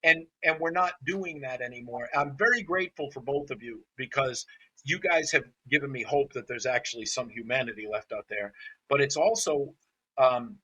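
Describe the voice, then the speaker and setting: Blunt, forceful, husky-voiced man. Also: medium pitch, moderate pace, highs cut off. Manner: blunt, animated storyteller who swears freely. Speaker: dog trainer and podcast host. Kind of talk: casual podcast chat.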